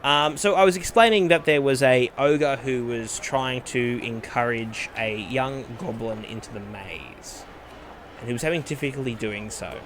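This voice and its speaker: A man running a tabletop game, narrating the scene descriptively and often pausing with ums. His voice sits at a middle pitch, with faint noise in the background. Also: fairly bright tone. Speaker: game master.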